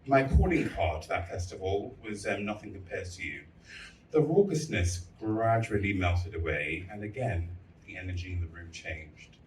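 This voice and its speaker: A man with a lowish voice delivers a candid public speech, telling stories with blunt, crude humor. He is heard from a distance in an echoey hall, with faint ambience behind him. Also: animated, moderate pace, a little hiss or hum. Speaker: festival speaker.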